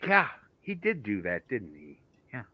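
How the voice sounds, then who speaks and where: A man's voice: on the low side, huge pitch swings, a little slow, breathy edge, highs cut off. A man hosting a casual podcast chat, reading out viewer comments, laughing often and restarting his sentences.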